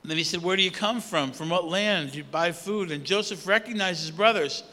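A man preaches in a loose, conversational way, pausing on fillers and restarting his sentences. His voice sits high and sounds bright and forceful. A long reverb trails each phrase, as if he is in a large hall. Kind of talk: sermon.

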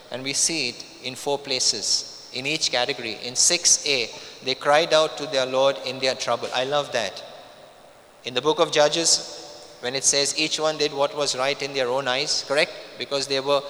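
A man's voice: fairly high pitch, bright, forceful tone, a little hiss or hum. A man preaching a sermon, repeating key phrases for emphasis, with frequent restarts. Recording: long reverb of a hall.

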